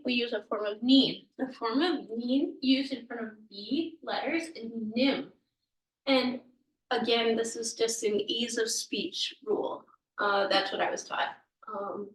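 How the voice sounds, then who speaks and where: A woman teaching a language lesson, explaining grammar patiently and sounding out words slowly, sometimes correcting herself. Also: on the high side, far from the mic. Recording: echoey room, voice a bit off mic.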